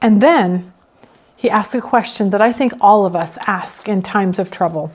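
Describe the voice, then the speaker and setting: A woman leading a Bible study, reading scripture and teaching, who acts out the psalmist's complaints with feeling. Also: moderate pace. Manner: expressive, acts out the psalmist's complaints with rising pitch.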